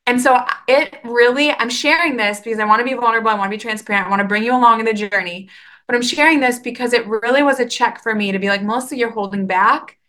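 A woman hosting a faith podcast, talking in an animated, earnest and chatty way with quick restarts. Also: a little high. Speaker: podcast host. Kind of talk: casual faith podcast monologue.

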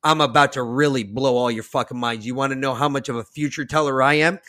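A man hosting a podcast, reading an article aloud and ranting in a boastful, profane way that swings from muttering to loud outbursts. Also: mid-range voice, fairly even intonation, fast talker, no echo, studio quality. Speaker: podcast host.

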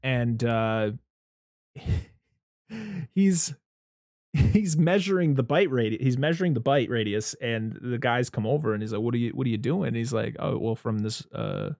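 A man talks through a film in casual chat, restarting his thoughts and laughing as he goes. His voice sits at a middle pitch. The sound is dry and close. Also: lively intonation, measured pace, creaky, a little mellow, no room sound. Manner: rambling, self-interrupting, laughs often, acts out quotes. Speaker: podcast co-host.

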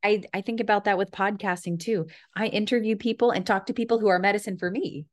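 A woman's voice: mid-range voice, steady tone, quick pace. A woman who teaches yoga and hosts a podcast, talking in an earnest, enthusiastic, rambling way in a casual conversation.

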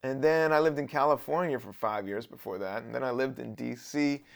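A man's voice: medium pitch, brisk, gravelly. A man from Southern Virginia hosting a podcast, rambling casually in a laid-back, profane monologue. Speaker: podcast host.

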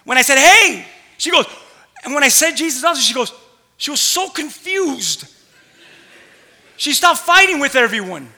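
A male pastor preaching a sermon and telling a personal story in an animated way that builds to loud exclamations. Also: very high voice, moderate pace, long pauses, big-room sound.

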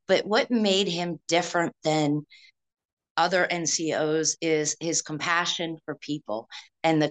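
Female veteran guest, lowish pitch, sincere and reflective. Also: a bit bright. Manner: earnest, reflective storytelling. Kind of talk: casual interview.

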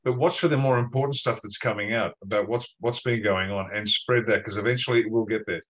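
A man talks earnestly and straight to his listeners, pressing each point with emphasis. His voice sits a little low and steady. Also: brisk, low-quality recording. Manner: earnest, emphatic, addresses the audience directly. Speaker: guest. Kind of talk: casual interview talk.

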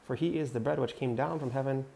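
A man with a gravelly, mellow voice teaching scripture in an earnest sermon. He speaks straight to his listeners and prompts them to repeat key words. His tone stays warm and low. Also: fast. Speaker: preacher.

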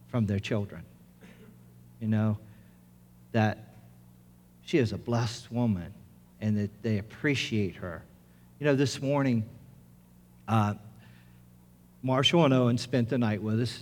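A middle-aged man, a pastor, preaching a sermon in an earnest storytelling manner, rising to loud excitement as the story builds. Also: medium pitch, a little hiss or hum. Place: church sanctuary. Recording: reverberant church with music.

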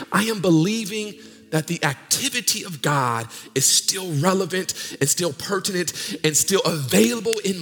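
A male pastor preaching a sermon, swinging from loud sung peaks down to low murmurs in call-and-response style. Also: slightly rough. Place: church sanctuary. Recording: long hall reverb with faint music.

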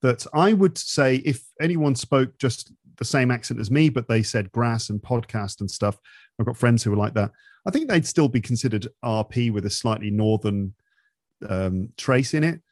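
A man's voice: medium pitch, animated, normal speed, a little mellow, dry recording, clean studio sound. An English man with a modern Received Pronunciation accent and slight Midlands and London traces, chatting and explaining, thinking aloud with many hedges. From England. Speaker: English teaching podcast host, interview guest. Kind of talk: casual explanatory chat.

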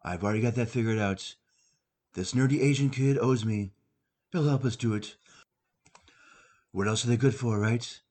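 A man voicing a smug, spoiled rich boy with a slow, smirking drawl. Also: medium pitch, darkish tone, lightly acted.

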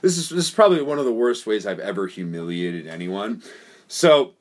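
Male podcast co-host, loose, profane storyteller who acts out every quote, pitch all over the place. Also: expressive, brisk. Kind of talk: casual storytelling.

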